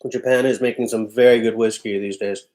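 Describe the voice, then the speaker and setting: A man hosts a livestream from home, chatting casually and reading viewer comments in a loose, offhand, chatty way, often breaking into laughter. His voice is on the low side and a little mellow, brisk in pace with fairly even intonation.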